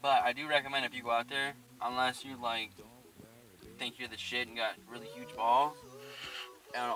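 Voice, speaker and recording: A young man casually telling a spooky story, animated and profane, laughing often. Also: mid-range voice, normal speed, pauses often. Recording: distant mic.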